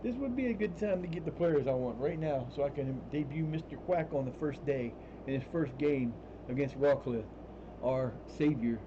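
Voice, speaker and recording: A man's voice: on the high side, moderate pace. A man streaming live from home, chatting casually, swearing freely and grumbling at his equipment. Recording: muffled stream audio with steady noise.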